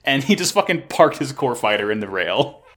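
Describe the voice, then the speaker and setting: A man's voice: mid-range voice, fairly quick. A man casually recapping an anime episode, swearing freely and acting out the characters' lines. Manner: animated, swears a lot, acts out characters' lines. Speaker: podcast co-host recapping an anime. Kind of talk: casual chat.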